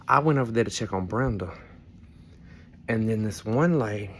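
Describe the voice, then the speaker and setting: A man's voice: on the low side, normal speed, a little hiss or hum. A tipsy man, rambling through a casual storytelling vlog from a cruise ship cabin with frank asides and some cursing. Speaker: vlogger.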